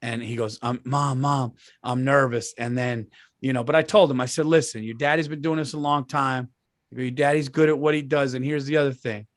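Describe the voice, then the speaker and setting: A male comedian co-hosting a podcast, with a voice in the middle of the range for a man. He tells family stories with energy and jumps up in pitch whenever he quotes someone. The sound is dry and close, from a studio mic in a deadened room. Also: fairly quick, no room sound. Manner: animated storyteller who acts out quoted voices in a raised pitch; swears freely. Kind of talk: casual podcast chat.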